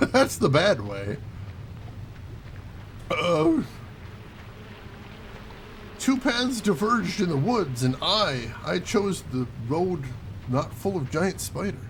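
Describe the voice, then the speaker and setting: A man's voice: high-pitched, very animated, slow pace, pauses often, slight background noise. A man hosting a let's play, giving wry, joking running commentary as he plays. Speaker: gaming channel host.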